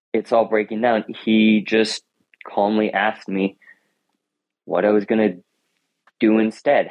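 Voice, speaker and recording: Earnest teenage boy, low voice. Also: no room sound. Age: teens. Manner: earnest, reflective, with many restarts. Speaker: high school runner, interview guest. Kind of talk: interview answers. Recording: dull lo-fi sound.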